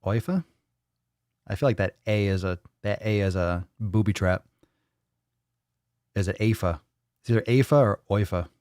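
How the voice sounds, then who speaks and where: A man's voice: fairly low pitch, steady tone, moderate pace, long pauses, a little mellow, smooth, no echo, clean studio sound. A man hosting a fitness live stream in casual chat, rambling and joking, with a lot of swearing. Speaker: fitness livestream host.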